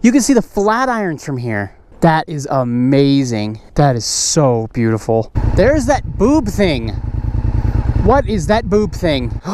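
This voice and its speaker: A young man riding a motorcycle and chatting excitedly to his viewers and to the animals he passes. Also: on the high side, slow pace. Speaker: motovlogger. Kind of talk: casual riding commentary. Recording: loud engine and wind noise.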